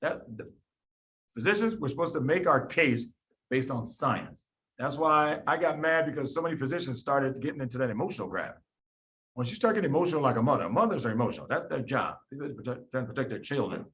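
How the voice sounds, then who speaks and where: Bright-voiced man giving a casual lecture. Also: medium pitch, animated, brisk. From south side of Chicago. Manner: conversational, storytelling, acts out quoted people. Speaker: medical lecturer.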